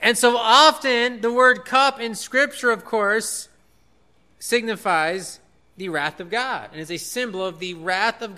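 Male preacher with a high, smooth and very sharp voice, earnest and repetitive in his emphasis. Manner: earnest, repeats key phrases for emphasis. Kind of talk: sermon.

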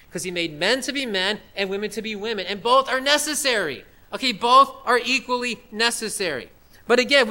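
Forceful high-voiced man preaching. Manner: emphatic, repetitive preaching with forceful declarations. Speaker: pastor. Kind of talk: sermon.

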